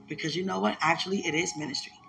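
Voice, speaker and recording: Gravelly-voiced woman, emotional and repetitive. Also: on the low side, fairly even intonation, fast, over music. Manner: emotional, repetitive, laughs often. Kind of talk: heartfelt spoken message, religious.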